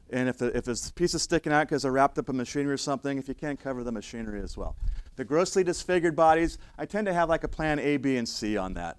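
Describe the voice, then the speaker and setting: A man's voice: medium pitch, clean tone, dry recording. A middle-aged man lecturing emergency responders in a blunt, conversational way. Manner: blunt, conversational, acts out quoted voices. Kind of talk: classroom lecture with stories.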